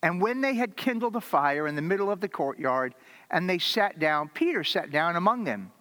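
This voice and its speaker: A man's voice: high voice, animated, normal speed, long reverb tail. Male pastor with dramatic storytelling. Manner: dramatic storytelling, swinging from loud to hushed. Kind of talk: sermon.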